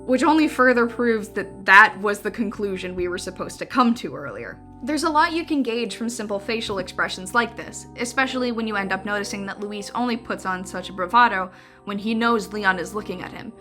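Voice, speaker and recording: Bright-voiced young woman narrating a video essay. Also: medium pitch, expressive, brisk, faint music behind. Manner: wry, conversational, dry jokes.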